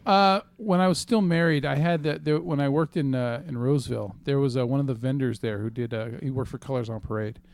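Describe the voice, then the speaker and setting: A man's voice: mid-range voice, steady tone, a little fast, few pauses, darkish tone, no room sound. A man chatting casually on a podcast as co-host, telling a rambling, profane story full of fillers. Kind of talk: casual chat.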